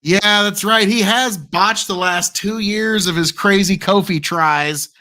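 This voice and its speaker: A man's voice: high voice, unhurried, pushed and bright. A man co-hosting a live wrestling watchalong, bantering and teasing in fan chatter. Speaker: watchalong co-host. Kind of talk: live reaction commentary.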